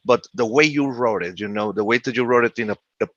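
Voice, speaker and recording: A man's voice: medium pitch, fast, fairly bright tone, no echo. A man, Spanish his first language, co-hosting a live-streamed interview over a video call, searching for words in a loose, informal way. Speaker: co-host. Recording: dull dry video call audio.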